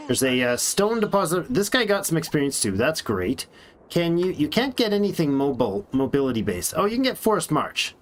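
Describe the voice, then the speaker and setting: A man talks through his game as he streams it, rambling and joking to himself in a casual, unhurried way. His voice sits a little high and swings up and down expressively, with a faint hiss behind it. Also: a bit bright. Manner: chatty, thinking aloud, joking to himself. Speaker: let's play streamer. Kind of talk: casual gameplay commentary.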